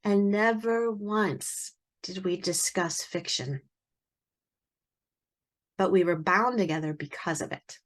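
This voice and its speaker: A woman in her forties, an author, telling a personal story in a lively way and acting out the dialogue. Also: lowish voice, slow pace, long pauses. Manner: animated, acts out quoted dialogue.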